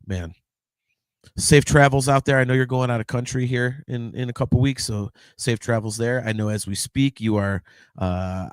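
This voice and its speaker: Emotional, halting man with a dry voice. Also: on the low side, no echo. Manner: emotional, halting, repeats words, swears casually. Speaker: podcast host. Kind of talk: heartfelt birthday tribute.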